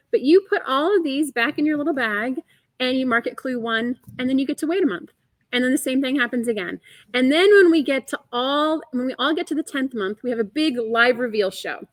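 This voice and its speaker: A woman's voice: sits high, a bit bright, dry recording, poor audio. Chatty, upbeat woman hosting a livestream. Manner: chatty, enthusiastic, reads and answers viewer chat. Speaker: host of a quilting shop livestream. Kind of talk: upbeat live product show.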